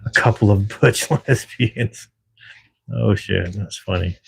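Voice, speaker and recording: Lower-voiced, chatty livestreaming man. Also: slow, gravelly, breathy edge. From Washington State, US. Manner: chatty, laughs easily, swears casually. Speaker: livestream host. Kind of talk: casual live-stream chat with viewers. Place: at work at night.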